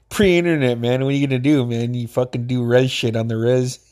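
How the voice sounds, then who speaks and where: A man's voice: medium pitch, fairly even intonation, moderate pace, a little mellow. A man casually telling a rambling personal story, laughing often and swearing a lot.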